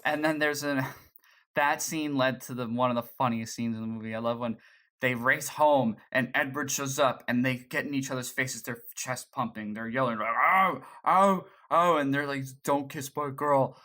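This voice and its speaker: Bright-voiced podcast co-host. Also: medium pitch, fairly even intonation, normal speed. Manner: loose, rambling retelling with restarts. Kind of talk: casual pop-culture chat.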